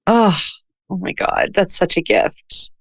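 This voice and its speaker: A woman hosting a podcast, asking open questions and reacting warmly to her guest's stories. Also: lowish voice, big pitch swings, slow, vocal fry, dry recording, studio quality. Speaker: podcast host. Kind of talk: casual interview.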